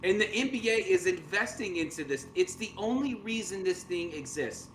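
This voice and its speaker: A man with a high, expressive, slightly bright voice co-hosts a sports podcast at a moderate pace. He rants sarcastically in casual banter, mocking and doing exaggerated voices. The recording sounds roomy with faint background noise.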